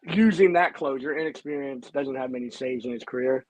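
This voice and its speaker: A man co-hosting a casual sports chat, giving quick offhand opinions. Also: medium pitch, crowd noise, low-quality recording. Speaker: co-host.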